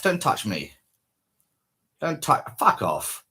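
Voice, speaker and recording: A man in a heated, sweary, mocking comic rant with a husky voice. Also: on the low side, huge pitch swings, slow, pushed and bright.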